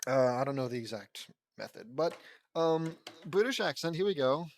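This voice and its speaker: A man's voice: a little high, animated, normal speed. A man reading a fan fiction aloud and rambling off into his own commentary. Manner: rambling, lots of fillers and restarts. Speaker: audiobook reader of fan fiction.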